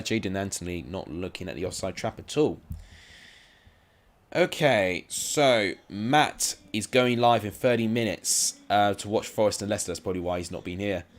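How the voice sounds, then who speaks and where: Lively low-voiced man commentating. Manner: chatty, rambling, with frequent ums and asides to viewers. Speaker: streamer commentating simulated football matches. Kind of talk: casual live-stream commentary.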